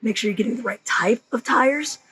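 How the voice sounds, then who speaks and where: Hoarse woman host, husky voice, rambling casual explainer, middle-aged. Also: on the high side, a little fast, pushed and bright, soft background music, rough recording. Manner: chatty, rambling with fillers and self-corrections. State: hoarse, partly lost voice. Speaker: channel host. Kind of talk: casual how-to video.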